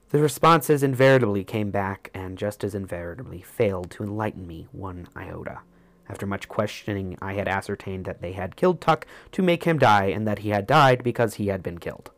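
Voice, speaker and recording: Man reading an audiobook, low voice, measured and even, dry close sound. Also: no echo. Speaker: audiobook narrator. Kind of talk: scripted first-person narration.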